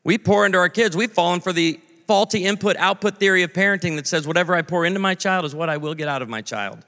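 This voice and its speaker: Bright-voiced preacher man in a reverberant hall. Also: sits high, fast. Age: 40s. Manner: storytelling with comic voices and audience asides. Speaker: pastor. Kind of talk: sermon.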